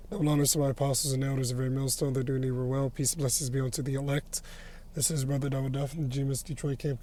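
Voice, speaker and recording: A male preacher teaching a scripture lesson in a steady tone, often tagging his points with "all right?". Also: medium pitch. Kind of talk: sermon lesson.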